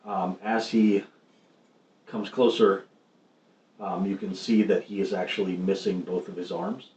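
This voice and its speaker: Male game master, low and unhurried, hesitant narration, roomy lo-fi stream sound. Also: flat delivery, a little mellow. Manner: halting, many ums and restarts. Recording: roomy, muffled stream audio with faint noise.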